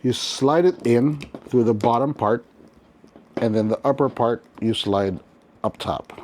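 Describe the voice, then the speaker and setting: Guy doing a toy review, chatty, thinking out loud, middle pitch, bit of background hiss. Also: measured pace. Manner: chatty, thinking aloud while handling a figure. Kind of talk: casual unboxing review.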